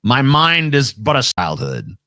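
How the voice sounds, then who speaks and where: A man's voice: medium pitch, huge pitch swings, a little slow, bright, forceful tone, dry recording, studio quality. A man in mocking podcast banter, sarcastic, dismissive and profane.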